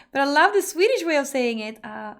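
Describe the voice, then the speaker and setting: A woman streamer chatting casually and rambling to her viewers, now and then breaking into loud laughing rants. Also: high-pitched, creaky.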